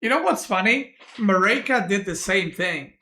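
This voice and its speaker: Man, game streamer, relaxed chat with viewers, bright tone, desk mic. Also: high voice, normal speed. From Serbia. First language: Serbian. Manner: relaxed, answers chat questions aloud.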